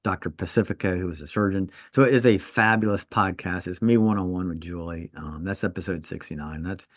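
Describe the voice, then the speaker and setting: Low-voiced man telling stories on a podcast. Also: brisk, no room sound, clean studio sound. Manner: storytelling, laughs at own jokes. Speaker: podcast co-host, trauma surgeon. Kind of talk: casual podcast chat.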